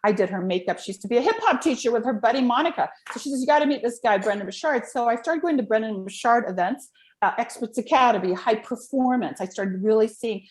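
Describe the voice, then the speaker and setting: A woman's voice: fairly high pitch, fast talker. A middle-aged woman, a video and voice coach, telling rambling stories in a casual interview. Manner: animated, rambling storyteller. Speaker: guest, live video and voice coach.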